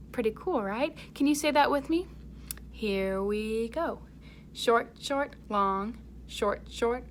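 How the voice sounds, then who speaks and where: A woman teaching a music lesson to young children, leading them in chants and songs with plenty of encouragement. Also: on the high side. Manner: warm encouraging, slow and clear, sings and chants along.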